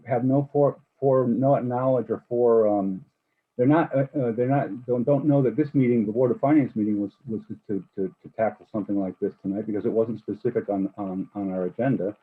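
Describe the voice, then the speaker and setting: A board member questioning officials at a public meeting, speaking haltingly with frequent restarts. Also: male voice, medium pitch, fairly even intonation. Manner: halting, many restarts and repeated words. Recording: husky voice on a tinny phone-like line.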